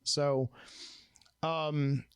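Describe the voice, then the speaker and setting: A man's voice: a little high, flat delivery, very slow, clean tone, no room sound, lo-fi sound. A middle-aged man, hosting a late-night solo show and telling a rambling, wry story in a studio. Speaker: podcast host.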